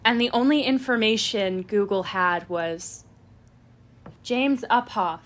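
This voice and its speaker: A woman co-hosting a podcast, chatting casually at an ordinary pitch. She rambles through stories and breaks into laughter often. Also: takes it slowly. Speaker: podcast co-host. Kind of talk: casual chat.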